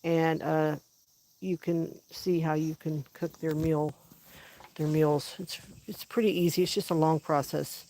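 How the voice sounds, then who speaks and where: Chatty woman, lowish voice. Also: flat delivery, a little slow, dark tone. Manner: rambling, friendly, talks sing-song baby talk to her dogs. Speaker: livestream host. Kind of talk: casual livestream chat with viewers. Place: home kitchen and backyard.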